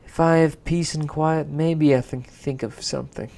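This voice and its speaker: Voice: mid-range voice, fairly even intonation, normal speed, creaky, mellow, close to an everyday voice. A reader voicing a worried young queen who pleads earnestly in a storybook read-aloud. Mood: pleading. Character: worried young queen guarding her baby.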